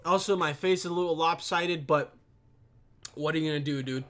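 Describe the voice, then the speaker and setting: A man's voice: fairly high pitch, brisk, a bit bright. Swearing, rambling young man. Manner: profane, rambling, swears constantly. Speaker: vlogger. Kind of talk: casual rant to camera. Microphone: camera set on a computer.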